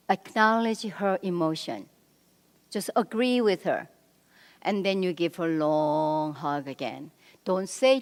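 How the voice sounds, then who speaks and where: A middle-aged woman giving a church marriage seminar, animated as she coaches the men in the audience directly. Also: lowish voice. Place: church hall. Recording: long reverb of a church hall.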